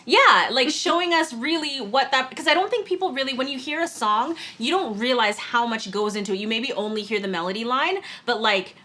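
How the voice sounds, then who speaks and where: A woman in a pop group co-hosting a reaction video, chatting in a giggly, excitable way. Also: fairly high pitch, a little fast, hardly any pauses. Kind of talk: casual chat.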